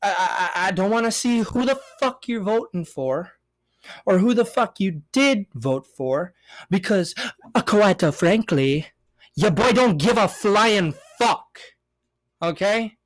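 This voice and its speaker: A young man hosting a casual solo podcast, ranting in a profane, rambling way with big swings in pitch and loudness. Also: lively intonation, slow pace. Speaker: podcast host.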